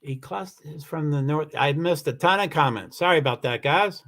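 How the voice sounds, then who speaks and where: A man's voice, on the high side and fairly bright, moves at a moderate pace as he hosts a livestream and responds to viewers' comments. Upset and almost in tears, he rambles and keeps restarting. A computer mic captures the stream.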